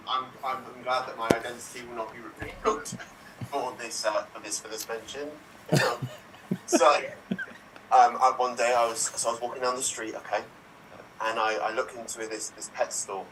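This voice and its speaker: A man tells an improvised tale in a halting, deadpan way, repeating words as he searches for the next. He sounds distant from the mic, with faint background hiss. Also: mid-range voice. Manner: hesitant, stammering, deadpan. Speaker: improv performer. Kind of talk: improvised storytelling. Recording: distant mic with faint noise, online stream.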